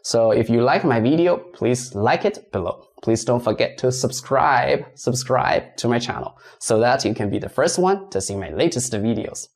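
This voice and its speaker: A man's voice: mid-range voice, expressive. Patient Mandarin-accented man teaching pronunciation. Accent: Mandarin Chinese. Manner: patient, repeats words slowly for practice. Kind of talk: beginner language lesson.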